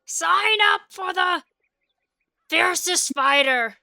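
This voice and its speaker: Woman putting on a gruff little goblin man, British accent, loud and shouty, bright high voice, dry room. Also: very slow, dry recording, heavily acted. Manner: shouting, struggles with volume. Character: small gruff male goblin announcer, loud.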